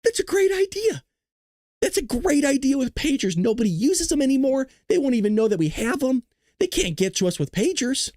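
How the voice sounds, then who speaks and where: A man's voice: very high voice, sing-song, brisk, darkish tone, no echo, studio quality, pitched above the performer's own voice. A man putting on bumbling boastful militant planners. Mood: smug, scheming. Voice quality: mocking, cartoonish, exaggerated.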